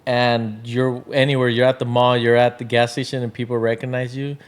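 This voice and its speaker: A man's voice: medium pitch, flat delivery, a little fast. A man chatting casually as a podcast guest, rambling with lots of fillers and acting out quotes from other people. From Washington state, Tri-Cities area. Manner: loose, filler-heavy storytelling with acted-out quotes. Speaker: podcast guest, drink brand founder.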